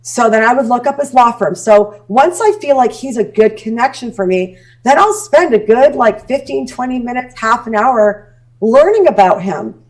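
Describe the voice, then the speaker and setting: A woman's voice: fairly high pitch, moderate pace. A Canadian woman, a guest speaking coach on a podcast, talking bluntly and acting out quoted messages. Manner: blunt, animated, acts out quoted dialogue. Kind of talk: casual podcast interview.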